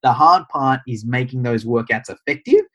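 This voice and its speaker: A man's voice: mid-range voice, lively intonation, normal speed, fairly bright tone. A man, a fitness trainer teaching other trainers in a chatty way, often checking in with "okay?" and "all right?". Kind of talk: casual instructional talk.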